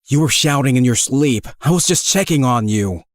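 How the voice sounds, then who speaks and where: A man playing a deadpan young secret agent. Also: medium pitch, normal speed, no room sound, close to an everyday voice. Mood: dry, sarcastic. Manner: dry, teasing, deadpan. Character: dry, sarcastic young male secret agent. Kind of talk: animated story voice acting.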